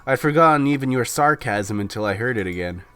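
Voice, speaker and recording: A man's voice: mid-range voice, expressive, quick pace, fairly bright tone, smooth, faint music behind, natural voice. A man reading a proud, teasing female witch in a dry, amused voice, close to his own. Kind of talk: reading a visual novel aloud.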